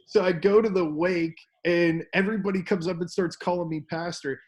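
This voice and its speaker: On a casual podcast, a young co-host tells an animated story full of laughter and acted-out quotes. His voice sits high, and he speaks fairly quickly with hardly any pauses. The recording sounds muffled.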